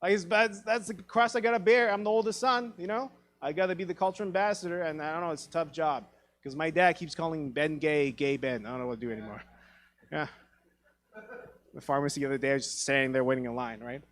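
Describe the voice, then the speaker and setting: A man's voice: fairly high pitch, fast. A man performing a stand-up comedy set on a theatre stage, telling stories animatedly and acting out other people's voices. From Taiwan. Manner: animated storytelling, acts out voices.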